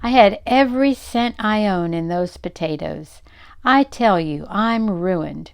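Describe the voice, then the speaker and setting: Heavy, groaning trader man, slow and woeful, read by an older woman. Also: medium pitch, animated, creaky, clear, resonant tone. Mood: despairing. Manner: wailing, groaning.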